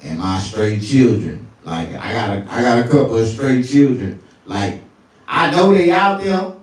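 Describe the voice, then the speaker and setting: A male stand-up comedian telling crude stories, often jumping into falsetto. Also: lively intonation, unhurried, very echoey, distant mic. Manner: crude, storytelling, swings into falsetto.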